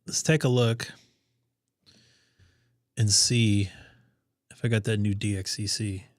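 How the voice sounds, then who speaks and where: A man's voice: lowish voice, fairly even intonation, takes it slowly, no echo, studio quality. A man losing his voice, chatting casually as he hosts a ham radio live stream and thinks aloud. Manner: rambling, thinking aloud with fillers.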